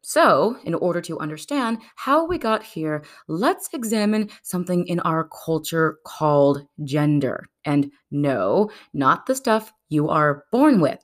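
A young adult woman giving casual video commentary, sarcastic and animated, slipping into mocking voices. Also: low-pitched, measured pace, hardly any pauses. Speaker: video essayist.

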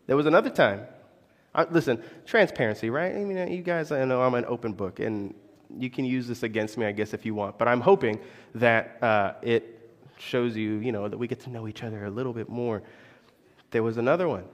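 A young adult man and pastor telling a personal story in a sermon, animated, confessional and poking fun at himself. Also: mid-range voice, a little fast. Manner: animated, confessional, self-mocking. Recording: long echo of a large hall.

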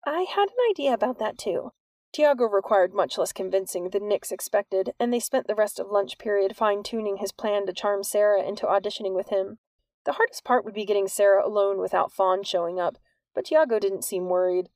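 Woman audiobook narrator, steady storytelling, gravelly voice, dry close recording. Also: mid-range voice, fairly quick, no echo. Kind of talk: scripted narration.

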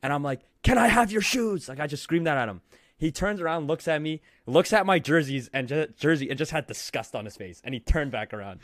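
A young man co-hosting a podcast, telling stories in an excitable, rambling way. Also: fairly high pitch, dry recording, studio quality. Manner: excitable, fast rambling storyteller. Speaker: podcast co-host. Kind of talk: casual chat.

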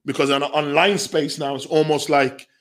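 Animated man telling stories. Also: fairly high pitch, normal speed. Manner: slangy, acts out quoted voices, bursts into laughter. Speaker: youth violence researcher and guest. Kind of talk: animated storytelling conversation.

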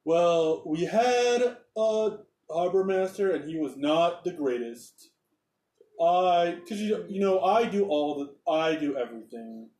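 A man's voice: on the high side, expressive, slow, darkish tone. A man putting on a pompous little governor. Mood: boastful. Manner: pompous, self-praising. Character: boastful short male island governor. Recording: roomy echo, off-mic.

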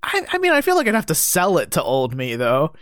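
A man's voice: a little high, huge pitch swings, fairly quick, a bit bright, no echo, clean studio sound. A man from Ohio in casual chat as a podcast co-host, laid-back with short, easy replies.

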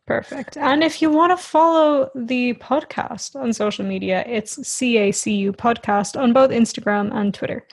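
A young woman in her twenties, co-hosting a podcast in relaxed, casual talk and laughing easily. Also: on the high side, normal speed, vocal fry, few pauses, breathy edge. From Ireland. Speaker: podcast co-host. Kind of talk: casual chat.

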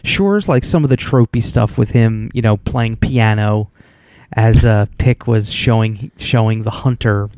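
A man co-hosting a casual movie podcast, talking in an excitable way with lots of fillers and laughter. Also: on the low side, measured pace, no echo, clean studio sound. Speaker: podcast co-host. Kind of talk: casual movie review chat.

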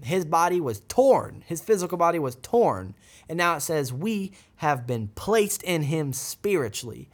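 Guy hosting a bible podcast, earnest teaching voice, gets fired up with praise. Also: a little high. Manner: earnest and fervent, with bursts of praise; reads scripture aloud, then explains it. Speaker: podcast host.

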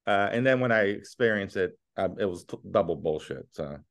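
A man's voice: lowish voice, expressive, fairly quick. A man co-hosting a podcast, ranting bluntly and sarcastically about food prices in casual chat. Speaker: podcast co-host.

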